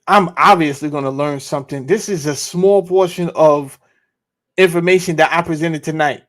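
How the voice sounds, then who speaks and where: A man hosting a podcast livestream, talking in a relaxed, casual, slangy way. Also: fairly high pitch. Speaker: podcast host.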